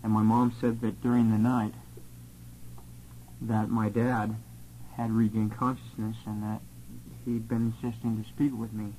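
A man telling a personal testimony of his missionary years in an earnest, steady, plain-spoken way. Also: on the low side, a little slow, pauses often, a little hiss or hum, low-quality recording.

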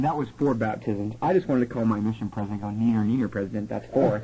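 A man telling a personal testimony of his missionary years in an earnest, steady, plain-spoken way. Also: mid-range voice, rough recording.

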